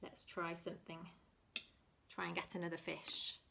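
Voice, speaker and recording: A woman teaching a lesson to young children, speaking clearly and encouragingly and counting aloud with them. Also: fairly low pitch, monotone, moderate pace, background noise. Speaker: nursery teacher.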